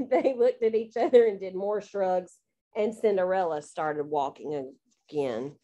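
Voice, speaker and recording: A woman reading a children's book aloud, narrating in a bouncy, expressive child's voice. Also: fairly low pitch, measured pace, lo-fi sound. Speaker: audiobook reader.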